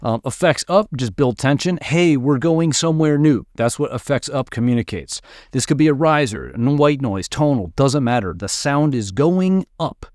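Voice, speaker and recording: A man teaching music production in a relaxed, upbeat way, walking through a dance track and sometimes mimicking its sounds with his voice. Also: mid-range voice, moderate pace, no room sound, clean studio sound. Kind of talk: screen-recorded music production tutorial. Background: dance track playing faintly.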